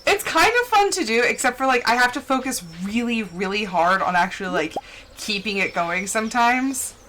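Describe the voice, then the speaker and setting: American woman, game streamer, casual giggly chat, fairly high voice. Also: animated, moderate pace, sharp tone, slight background noise. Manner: chatty and giggly, heavy use of "like".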